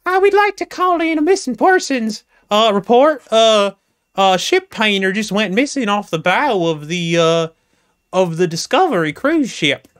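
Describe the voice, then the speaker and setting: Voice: mid-range voice, lively intonation, unhurried, a bit bright, clean tone, voice pushed up. A live comedian voicing a flustered cruise passenger reporting a disappearance, hesitating on every phrase. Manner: hesitant, full of "uh". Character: flustered cruise ship passenger calling police.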